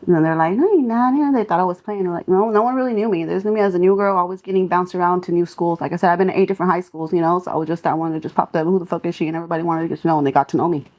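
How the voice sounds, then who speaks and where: Racing along with few pauses in a fairly low voice, a young SoCal singer on a podcast tells profane, casual street stories, laughing frequently and animatedly mimicking others' words. The recording sounds muffled.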